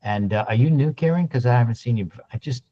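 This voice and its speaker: A man giving a lunch-and-learn sales talk, animated and acting out little dialogues as he goes. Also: mid-range voice, fast, lo-fi sound. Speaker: sales trainer.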